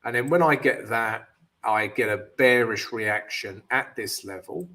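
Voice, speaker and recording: A man hosting a live trading stream, casually talking through chart analysis and answering viewers, often calling them guys and filling pauses with yeah and um. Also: mid-range voice, pushed and bright. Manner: casual, addresses viewers as guys, many fillers.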